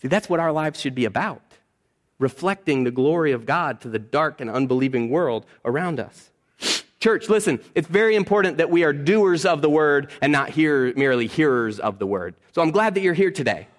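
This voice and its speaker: A male pastor delivers a sermon in a relaxed, conversational way, with a voice that sits a little high for a man. He speeds up for asides, slows right down to stress a point, and keeps putting questions to the congregation. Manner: conversational preaching, animated, asks the congregation questions.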